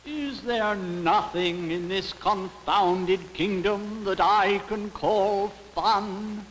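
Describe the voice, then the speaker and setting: Man doing a grumpy bored king, storybook, peevish, slightly raised pitch. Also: steady tone, very slow, fairly bright tone, slight background noise, exaggerated voice, poor audio.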